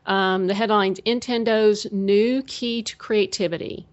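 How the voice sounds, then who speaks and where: A woman co-hosting a podcast talks in a relaxed, chatty way with a Minnesota accent. Her voice sits at an everyday middle pitch and grows lively when she quotes her own reactions. The audio is a little dull and lo-fi. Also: measured pace. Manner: chatty, animated when quoting herself. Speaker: podcast co-host. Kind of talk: casual chat.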